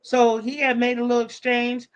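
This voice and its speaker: A woman's voice: fairly high pitch, flat delivery, normal speed, smooth. A woman live streamer telling a story in casual, profane talk, acting out the voices of the people she quotes.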